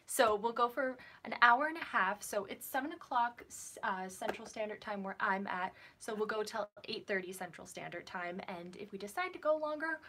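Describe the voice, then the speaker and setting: A woman hosting a casual live stream about her writing. She talks in a chatty, unscripted way, stopping to read viewer comments aloud. Her voice sits at an ordinary middle pitch. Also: moderate pace, hardly any pauses, sharp tone, slight background noise. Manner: chatty, many ums and restarts, reads out viewer comments.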